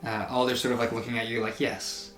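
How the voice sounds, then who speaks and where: A game master narrating a tabletop game in a relaxed, hesitant way with many fillers. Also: mid-range voice, rapid-fire. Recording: roomy echo, faint music behind.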